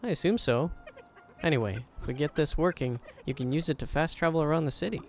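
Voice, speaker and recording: A man's voice: fairly high pitch, fast talker, darkish tone, a little hiss or hum, natural voice. A man voicing a breezy, chaotic inventor tanuki. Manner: rambling, breezy, offhand. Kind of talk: reading game dialogue aloud.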